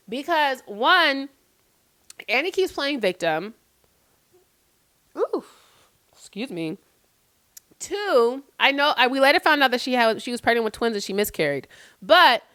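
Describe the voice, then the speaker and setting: A woman's voice: fairly high pitch, a bit bright. A woman hosting a casual recap vlog, chatty and blunt, swearing freely and filling her talk with "like". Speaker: host recapping reality TV.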